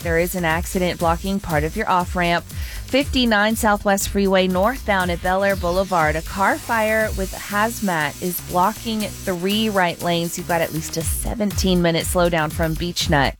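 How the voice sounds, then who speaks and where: A woman reading a radio traffic report in a brisk, informative way. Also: fairly low pitch, faint music behind.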